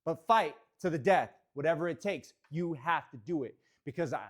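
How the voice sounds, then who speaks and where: High-voiced man giving a motivational talk. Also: normal speed. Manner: energetic, swings from quiet reflection to shouted affirmations. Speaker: real estate team leader. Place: real estate office.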